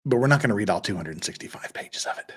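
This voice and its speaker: A man's voice: on the low side, animated, racing, fairly bright tone, slightly rough. A middle-aged man hosting a live stream, chatting casually, reading out viewer comments and laughing often. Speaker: livestream host.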